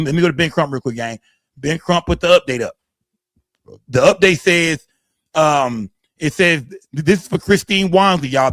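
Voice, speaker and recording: A man's voice: fairly high pitch, a bit bright, no room sound, clean studio sound. A man hosting a casual livestream, greeting chat names one by one and talking heatedly in slangy speech. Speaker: livestream host.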